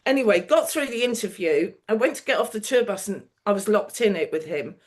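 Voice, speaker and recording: A woman's voice: mid-range voice, fairly quick. Laughing woman telling stories. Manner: animated storyteller, laughs often, mimics people in quotes. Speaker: guest, TV producer. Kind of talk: casual chat, anecdote telling.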